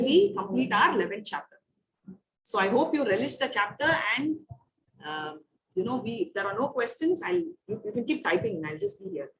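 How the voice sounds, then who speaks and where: A woman with an Indian English accent leads an online scripture class in a fairly high voice. She explains patiently and keeps checking in with "right?" The mic sits a little away from her, with a faint hiss underneath. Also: far from the mic. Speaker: spiritual teacher.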